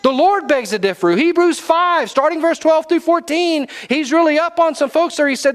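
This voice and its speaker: Male preacher, high voice, rising exhortation with hushed asides. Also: normal speed, few pauses. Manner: swings between loud exhortation and low, dropped asides. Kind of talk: sermon.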